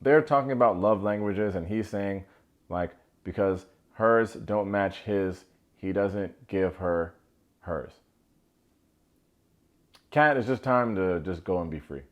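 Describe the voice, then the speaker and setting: A man recapping a reality dating show in casual commentary. He is animated and sarcastic, drops slangy asides, and jumps between low mutters and sudden high exclamations. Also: slow, pauses often.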